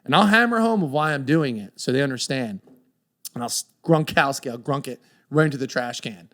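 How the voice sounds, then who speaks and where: A man in his thirties chatting on a podcast, telling lively stories and acting out the voices of the people in them. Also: mid-range voice, brisk. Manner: animated storyteller, acts out voices in quotes. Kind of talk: casual chat.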